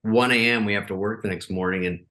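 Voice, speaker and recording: Man telling stories in a lowish voice. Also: quick pace. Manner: animated, acts out quotes in raised voices. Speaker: guest. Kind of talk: casual interview storytelling.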